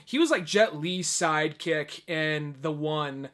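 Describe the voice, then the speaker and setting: Young male podcast co-host, high bright voice, loose rambling delivery. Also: slow pace. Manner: rambling, profane, puts on voices to quote actors. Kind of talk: casual chat about movies.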